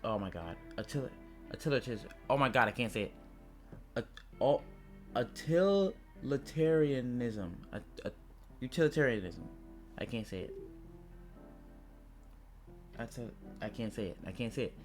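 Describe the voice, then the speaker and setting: A man's voice: fairly low pitch, normal speed, long pauses, soft background music. Chatty man commenting on a game. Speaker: gamer playing a visual novel.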